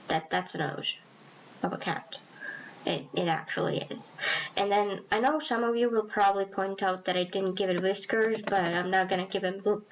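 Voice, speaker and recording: A woman's voice: medium pitch, a little hiss or hum. A woman talking through a drawing tutorial in a casual, rambling, self-deprecating way. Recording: slightly dull lo-fi recording.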